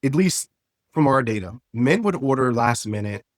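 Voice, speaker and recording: A man's voice: mid-range voice, expressive, normal speed, no echo, clean studio sound. A man speaking as an entrepreneur guest on a podcast, talking earnestly and eagerly. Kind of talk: casual interview chat.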